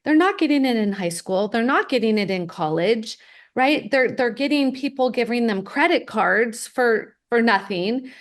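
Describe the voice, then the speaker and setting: Woman host telling a lively story. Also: fairly high pitch, moderate pace. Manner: storytelling, acts out quoted voices. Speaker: podcast host, college advisor. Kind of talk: conversational interview.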